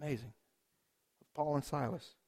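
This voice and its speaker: A high-voiced pastor delivers a sermon to his congregation in church, speaking at a normal speed. He's lively and conversational, repeatedly posing rhetorical questions to the listeners.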